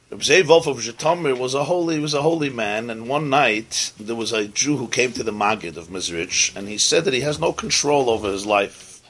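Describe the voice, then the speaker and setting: A man delivers a storytelling sermon with an animated, conversational flow. His voice is bright and forward. Hebrew and Yiddish terms turn up throughout his telling. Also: mid-range voice. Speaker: rabbi teaching.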